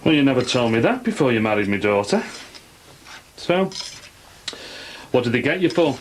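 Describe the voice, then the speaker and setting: Bloke playing a middle-aged scouse dad-in-law, sing-song and teasing. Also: male voice, mid-range voice, big pitch swings, moderate pace, a little hiss or hum, lightly acted. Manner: teasing, probing questions. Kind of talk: 1990s TV soap acting.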